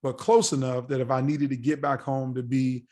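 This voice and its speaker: A man in his forties, a podcast guest telling a story in a casual, animated way and acting out the dialogue. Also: medium pitch, moderate pace. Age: 40s. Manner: animated, acts out quoted dialogue.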